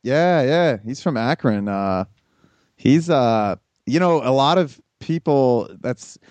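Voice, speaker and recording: A man in his thirties hosts a casual podcast, his pitch moving a lot as he rambles. He talks in a relaxed way through plenty of ums and uhs, and the sound is dry and close. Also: slow, dry recording. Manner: relaxed, rambling, many fillers. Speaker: podcast host. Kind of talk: casual chat.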